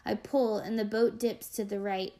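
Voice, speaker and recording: A woman reading an audiobook in the first person, telling the story expressively with dramatic, measured pauses. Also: mid-range voice, little pitch movement, dark tone. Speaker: audiobook narrator.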